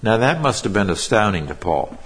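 Husky-voiced male pastor preaching. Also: fairly low pitch, sing-song, fairly quick, fairly bright tone. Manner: explains Greek grammar, repeats key phrases for emphasis. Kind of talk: sermon.

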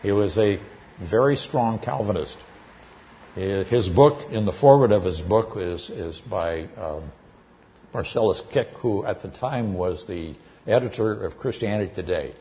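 A man giving an expository sermon, explaining terms with measured pacing and frequent pauses. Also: fairly low pitch, expressive, mellow. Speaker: preacher.

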